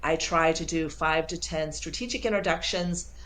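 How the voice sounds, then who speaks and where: A woman sales coach being interviewed over a video call, talking with lively enthusiasm and acting out quoted dialogue. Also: low voice, normal speed. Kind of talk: casual interview.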